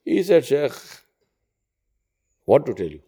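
A man preaching in a conversational storytelling way, retelling an old tale with lively quoted dialogue. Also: slow pace, slightly rough. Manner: conversational, rising high when quoting characters. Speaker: Islamic preacher. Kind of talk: storytelling sermon.

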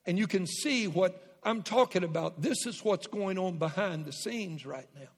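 A man's voice: sits high, normal speed. A man preaching a sermon as pastor, fervent and calling on the congregation. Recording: long hall reverb.

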